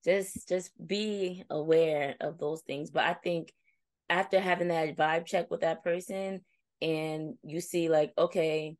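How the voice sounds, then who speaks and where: A young woman with a low voice co-hosts a casual chat, telling stories in a reflective way. She livens up when she quotes her friends. The recording is dry and close. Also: slow pace, dry recording. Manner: reflective, storytelling, animated when quoting friends. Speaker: co-host.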